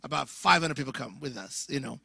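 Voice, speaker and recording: A middle-aged man preaching his testimony as a guest speaker, telling the story with animated acted dialogue and voicing other people in a high pitch. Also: a little fast, vocal fry, breathy edge, dry recording, clean studio sound.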